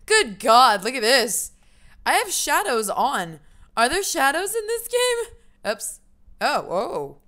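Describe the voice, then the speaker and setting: A woman's voice: sits high, very animated, slow, pushed and bright. A woman casually commentating a computer game stream, chatty and self-mocking, laughing often.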